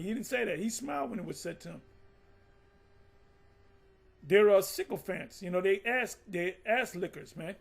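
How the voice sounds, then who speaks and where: Gravelly, husky man ranting casually. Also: high voice, animated, moderate pace, pauses often. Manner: profane, mocking, rambling with restarts. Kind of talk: heated casual commentary.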